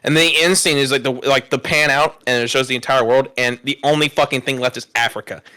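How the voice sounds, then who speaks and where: A young man co-hosting a podcast, excitable and profane in casual banter, quick to laugh. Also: medium pitch, no echo. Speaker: podcast co-host.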